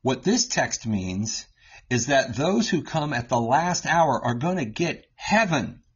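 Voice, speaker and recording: A man's voice: medium pitch, sing-song, slow pace, breathy edge, lo-fi sound. A man explaining a scripture passage in a conversational teaching style, going step by step and often checking in with his listeners. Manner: explains step by step, keeps asking "right?". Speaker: Catholic Bible teacher.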